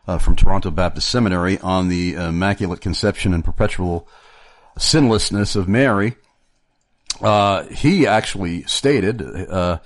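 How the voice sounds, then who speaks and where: A man's voice: low-pitched, moderate pace, no echo. A man hosting a casual theological discussion, earnest and argumentative, often restarting his sentences.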